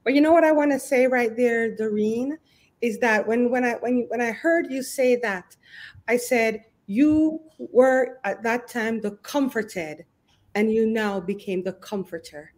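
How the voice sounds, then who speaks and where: A woman's voice: on the high side, unhurried, darkish tone. A woman hosting a faith-based talk show, speaking in an encouraging, preachy way and quoting scripture to viewers. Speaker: host.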